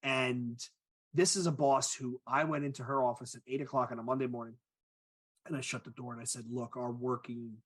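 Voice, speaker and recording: A man's voice: mid-range voice, fairly even intonation, a little fast. A man in his forties, a podcast co-host and agile coach, telling stories in a candid, self-mocking way in casual chat. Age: 40s.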